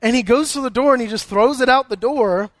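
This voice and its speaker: A man's voice: very high voice, fairly quick, fairly bright tone, no echo. A male pastor preaching a conversational sermon, telling stories with humor and often repeating words as he goes.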